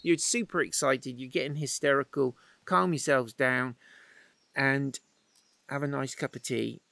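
A man's voice: medium pitch, fairly even intonation, a little slow, gravelly, sharp tone, dry recording. A male preacher voicing dismissive male disciples, in a scoffing, patronizing manner.

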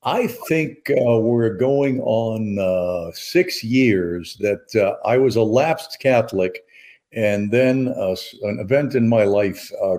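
A man's voice: mid-range voice, darkish tone. A man with a faint Maine accent, a guest talking in an easygoing, self-deprecating way with a trained radio voice. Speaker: guest, charity president. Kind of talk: casual interview.

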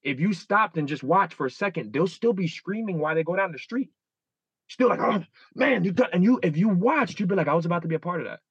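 A man's voice: high voice, animated, fast talker, husky, dry recording, muffled recording. A man in his thirties, a guest in a casual interview, telling stories animatedly and acting out his own inner dialogue. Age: 30s.

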